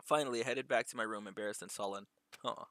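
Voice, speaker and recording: A man's voice: fairly low pitch, fairly even intonation, quick pace, fairly bright tone, no echo. A man playing a video game, reading the narration aloud and adding loose, joking asides. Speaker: gamer reading a visual novel. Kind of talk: let's play commentary and reading.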